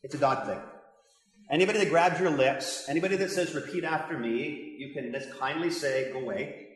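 A man's voice: a little high, a little fast. An older man, a pastor, giving a passionate, conversational Bible teaching with asides to his listeners. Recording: very echoey hall reverb.

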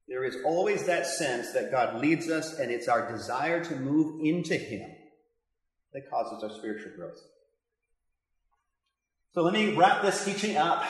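An older man, a pastor, giving a passionate, conversational Bible teaching with asides to his listeners. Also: fairly high pitch. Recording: very echoey hall reverb.

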